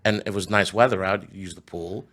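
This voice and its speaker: A man's voice: low-pitched, steady tone, fast, fairly bright tone. A middle-aged man, a home builder, telling stories in a casual chat and laughing through them. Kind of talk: casual storytelling.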